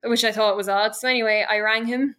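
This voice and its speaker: Bright-voiced Irish woman telling her story. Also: fairly high pitch, fairly even intonation, clean tone. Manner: earnest and emotional, with halting restarts. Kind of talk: personal storytelling.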